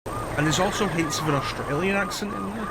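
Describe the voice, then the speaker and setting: A man's voice: high-pitched, brisk, creaky, very noisy. A man streaming a video game, chatting casually and rambling about it, now and then swearing at the game. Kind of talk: casual gameplay commentary. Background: game music.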